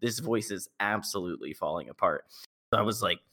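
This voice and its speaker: A man's voice: on the low side, fairly quick, bright, forceful tone. A man chatting on a podcast as a cast member, rambling and self-deprecating, swearing freely. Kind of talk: casual podcast chat.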